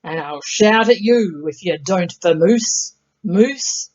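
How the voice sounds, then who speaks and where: A woman's voice: on the low side, expressive, slow, a little mellow, lo-fi sound. A woman voicing a fierce, scornful male eagle in a storybook, bellowing his threats.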